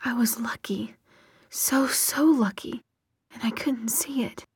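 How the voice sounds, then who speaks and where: A woman reading a young man's lines in a soft breathy whisper, a whispered role-play of an intense, lovestruck hero. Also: extremely high pitch, slow, no echo, clean studio sound, heavily acted.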